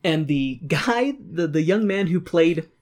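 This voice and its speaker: A woman's voice: deep voice, expressive, slow pace, darkish tone. A woman co-hosting a casual podcast chat, talking in a chatty way, laughing often and swearing now and then. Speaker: podcast co-host. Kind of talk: casual chat reviewing a musical.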